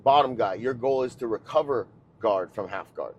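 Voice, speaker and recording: A man, a jiu-jitsu coach, explaining his ideas in a steady, teacherly way during casual chat in a car. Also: mid-range voice, moderate pace, dull audio, a little hiss or hum. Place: inside a car.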